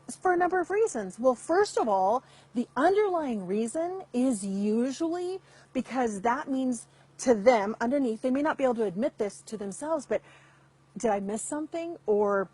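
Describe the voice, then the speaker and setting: Middle-aged woman host, husky and a bit high, chatty and direct with viewers on a live stream. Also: mellow. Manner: chatty, repeats and restarts, addresses viewers directly. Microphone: computer mic over weak internet.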